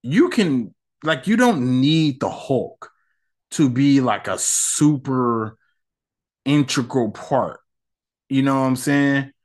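Man, casual podcast host, slangy ranting, lively swinging pitch. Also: takes it slowly. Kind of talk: casual solo commentary.

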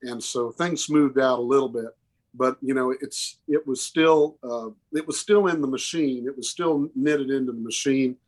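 Earnest man in his fifties. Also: mid-range voice. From Oklahoma. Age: 50s. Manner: earnest, emotional, halting restarts. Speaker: musician guest. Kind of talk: candid interview storytelling.

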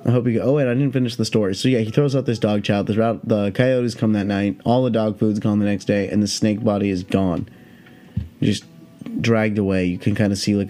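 A young man who is high, telling a rambling story in a laid-back, profane, meandering way. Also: dark tone. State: high on cannabis. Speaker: podcast host.

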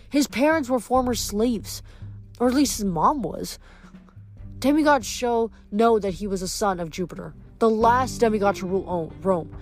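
A woman reading the lines of an earnest, steady young male demigod leader who explains things patiently, in a storybook reading. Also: mid-range voice, lightly acted.

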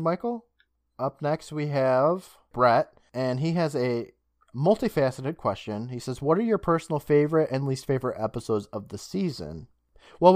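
A man co-hosting a podcast, chatty and upbeat, with frequent giggles as he reads out listener questions. His voice sits at a middling pitch. The sound is dry and close to the mic. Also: no echo. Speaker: podcast co-host. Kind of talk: casual chat reading listener questions.

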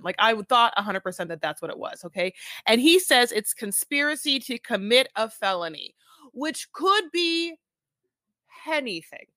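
A woman's voice: a little high, expressive, normal speed, pushed and bright, no room sound. A woman co-hosting a podcast in casual chat, rambling with lots of filler words and acting out quotes. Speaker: podcast co-host.

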